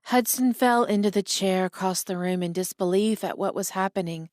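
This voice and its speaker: A woman reading a romance audiobook in an even, measured scripted narration. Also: mid-range voice, no room sound, studio quality.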